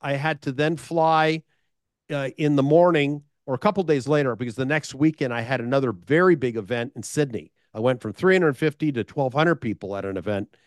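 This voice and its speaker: Here the middle-aged American sales speaker's medium-pitched voice moves fairly quickly as he tells conversational stories, asking rhetorical questions and repeating words. It's studio-quality with no room sound.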